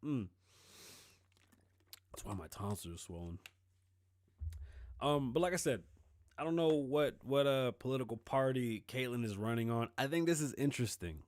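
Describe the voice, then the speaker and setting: A man's voice: medium pitch, expressive, normal speed, long pauses, no echo. Rambling, profane middle-aged male host. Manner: loose, rambling, profane and sarcastic. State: says he is high, with dry mouth. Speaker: show host. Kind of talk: casual political commentary.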